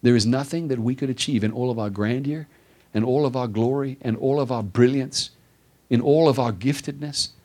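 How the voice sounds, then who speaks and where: A man's voice: mid-range voice, moderate pace, mellow. Man preaching an emphatic sermon. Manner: preaching with rising emphatic repetition. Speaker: pastor.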